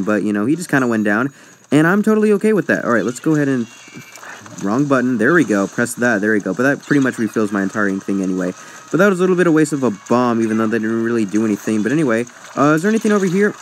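A young man gives rapid, chatty commentary over his game, wandering off onto tangents and laughing at his own slip-ups. His pitch sits in an ordinary middle range. A faint room ambience runs behind the voice. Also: a little hiss or hum. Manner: rambling, self-mocking, easily sidetracked. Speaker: gaming YouTuber. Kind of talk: casual let's-play commentary.

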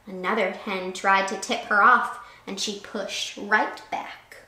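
A woman's voice: medium pitch, slow pace. A woman reading a picture book aloud to children as a teacher, telling it expressively with little asides. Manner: expressive, animated storytelling. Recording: roomy echo.

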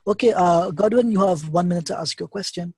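A man moderating a live debate, calling time and taking callers with brisk, hesitant fillers. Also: high-pitched, warm tone, husky, dry recording.

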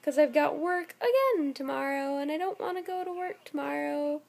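A woman's voice: high voice, normal speed, creaky, darkish tone. A young woman vlogging at home at night, very tired and yawning, rambling in a scattered way. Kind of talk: casual vlog to camera.

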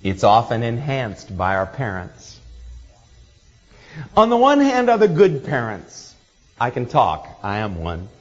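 Expressive male preacher in a hall. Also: mid-range voice, slow, pauses often. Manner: expressive, acts out quoted voices with laughter. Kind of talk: sermon. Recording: dull hall reverb.

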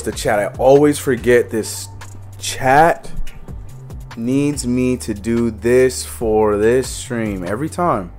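A young man runs a casual livestream, reeling off viewers' names and echoing his own phrases. His voice sits at an ordinary middle pitch. Faint music plays under him. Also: darkish tone. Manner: greets chat viewers by name, repeats phrases.

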